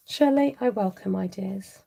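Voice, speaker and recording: A woman's voice: mid-range voice, creaky, mellow, husky, rough recording. A middle-aged woman chatting through a live craft tutorial, laughing often and answering viewers as she works. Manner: chatty, laughing, reads viewer comments aloud. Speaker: stamping craft demonstrator.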